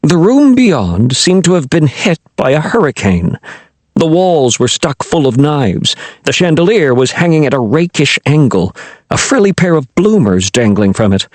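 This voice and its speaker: A man reading a children's fantasy audiobook in an expressive storytelling manner. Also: on the high side, no room sound. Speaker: audiobook narrator. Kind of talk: scripted narration.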